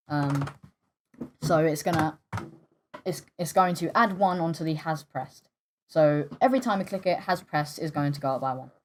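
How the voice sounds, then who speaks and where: Young woman, low-ish voice, stumbling tutorial delivery, faint typing behind. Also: a little hiss or hum. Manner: hesitant, stumbling, apologetic. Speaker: tutorial host. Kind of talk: screen-recorded coding tutorial.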